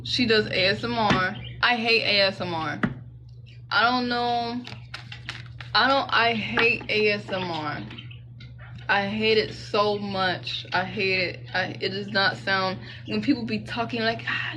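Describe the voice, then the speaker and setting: A woman's voice: a little high, background noise. A young woman doing a casual tarot reading, chatty and slangy, rambling into side stories. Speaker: tarot reader.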